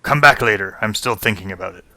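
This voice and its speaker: A man's voice: lowish voice, expressive, quick pace, bright, forceful tone, no room sound, heavily acted. A man voicing a guarded, dismissive male dwarf in a tabletop game, speaking curtly. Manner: curt, dismissive.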